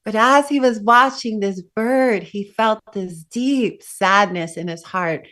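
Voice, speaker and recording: A woman's voice: medium pitch, slow pace. Woman telling a dharma story. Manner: animated storytelling, conversational asides. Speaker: meditation teacher.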